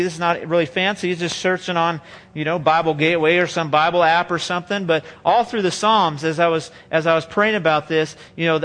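A man's voice: fairly high pitch, fairly bright tone. A man pastor preaching a sermon in a church, conversational and joking, often restarting and repeating phrases into a microphone. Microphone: handheld or stage microphone.

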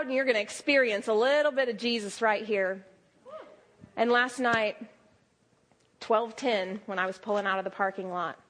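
A young adult woman preaching a sermon, telling stories with lively quoted asides. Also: mid-range voice.

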